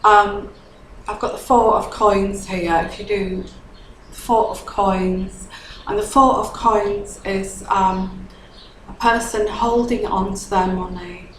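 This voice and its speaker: A woman's voice: mid-range voice, fairly even intonation, takes it slowly, roomy sound, slight background noise, low-quality recording. A woman giving a tarot reading to a viewer, earnest and consoling, often checking in with "okay?". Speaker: tarot reader.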